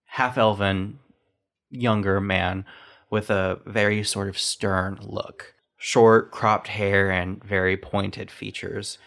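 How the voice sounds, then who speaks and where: Bright-voiced man running a tabletop game. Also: lowish voice, flat delivery, takes it slowly, creaky. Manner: describes scenes and voices NPCs in near his own voice. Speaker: game master.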